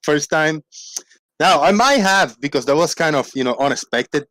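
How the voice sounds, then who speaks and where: A man hosting a casual livestream, rambling playfully and reading out shout-outs to viewers. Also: on the high side, lively intonation, normal speed, no echo, studio quality. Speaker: livestream host. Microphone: desk microphone.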